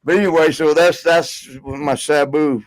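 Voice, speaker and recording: A man's voice: on the high side, steady tone, a little slow, dry recording, rough recording. A man telling a long road story in casual podcast chat, rambling with many fillers. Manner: rambling, lots of fillers and laughs. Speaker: podcast guest.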